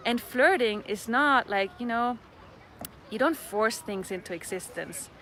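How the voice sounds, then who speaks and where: A woman with a bright, clear voice gives a chatty, playful motivational talk outdoors. She is relaxed and quick to laugh, and she repeats set phrases. A faint hum of traffic sits behind her. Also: on the high side. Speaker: facilitator of a personal-development class. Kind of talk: casual motivational talk to camera.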